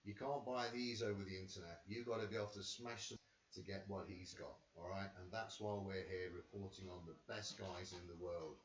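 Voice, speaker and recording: A tired man hosts a rambling, excitable boxing watch-along from his front room, talking into a camera and swearing casually. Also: low-pitched, normal speed, slight background noise. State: tired after a sleepless night. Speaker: boxing channel host. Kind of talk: live fight watch-along commentary. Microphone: camera he talks into. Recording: echoey room, far from the mic, dull sound.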